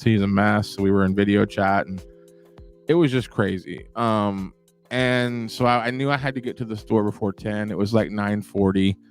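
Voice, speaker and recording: A man hosting a casual show, telling a long story in an animated, profane, rambling way. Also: on the low side.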